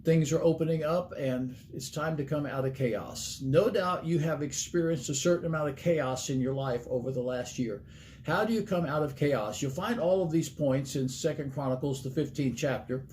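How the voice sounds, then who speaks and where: A man's voice: fairly high pitch, moderate pace, a little mellow, a little hiss or hum. A middle-aged man preaching a sermon as a pastor, earnest and plain-spoken, laying out numbered points and folksy stories.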